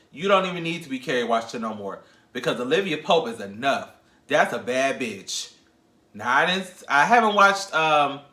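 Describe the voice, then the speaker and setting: A man's voice: medium pitch, pushed and bright. A man hosting a podcast, chatting casually and sassily about celebrity gossip, laughing often as he goes. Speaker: podcast host. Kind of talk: casual pop-culture commentary. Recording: echoey room.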